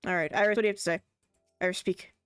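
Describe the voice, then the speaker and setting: A woman's voice: medium pitch, fairly even intonation, racing, clean tone, no room sound, clean studio sound. Giggly woman live-streaming a game. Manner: giggly, chatty, self-mocking. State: sore throat. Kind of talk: casual live gaming stream. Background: game music.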